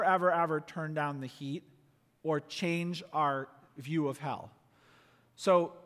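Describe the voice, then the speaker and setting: A man preaching a sermon in an earnest, emphatic way, often dropping to a quiet, intense tone. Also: a little high, big-room sound. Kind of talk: sermon teaching.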